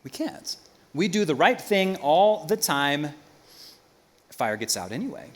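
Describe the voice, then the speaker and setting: Animated man preaching a sermon. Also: on the high side, a little slow. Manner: animated, swings from loud emphasis to quiet asides. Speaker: pastor. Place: church.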